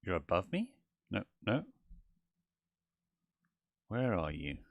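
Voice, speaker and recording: A man's voice: low-pitched, sing-song, takes it slowly, creaky, no echo, phone-quality sound, heavily acted. A man voicing a flamboyant male owl demon prince while streaming a game in character, theatrical and giggly, calling people darling. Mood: playful. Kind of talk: in-character gameplay livestream.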